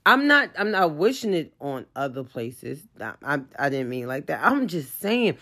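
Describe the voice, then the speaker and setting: A woman ranting in a profane, comedic way, with her voice jumping high and loud in heated outbursts. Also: very animated, normal speed, hardly any pauses. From New York.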